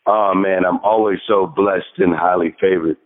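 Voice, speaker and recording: A hoarse man calling in, telling a personal story earnestly and clearing his throat often. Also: low voice, steady tone, normal speed. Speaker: caller. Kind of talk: casual sharing on a group call. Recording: tinny phone line with long reverb.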